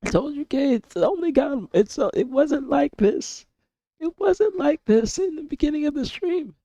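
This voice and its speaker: Hoarse male streamer, voice cracking high. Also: expressive, normal speed, warm tone, no room sound. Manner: coarse, rambling, swears a lot, repeats himself. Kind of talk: casual live-stream chat.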